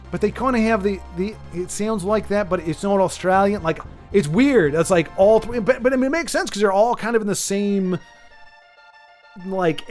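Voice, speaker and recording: An American man talks casually to his stream audience, starting sentences over and wandering between topics. His voice sits a touch higher than most men's. Faint music plays in the background. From United States. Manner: rambling, many restarts, sympathetic. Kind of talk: casual chat with viewers.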